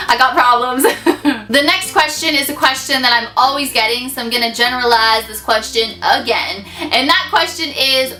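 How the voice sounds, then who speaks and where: A woman's voice: a little high, sharp tone. A young woman answering fan questions in a casual vlog, bubbly and gushing, laughing often. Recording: echoey room.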